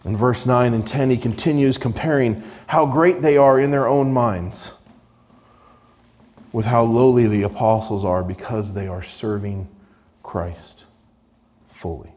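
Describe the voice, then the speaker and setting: A man's voice: mid-range voice, a little slow, a little mellow. A man preaching a sermon, reading scripture with rising emphasis and touches of dry sarcasm.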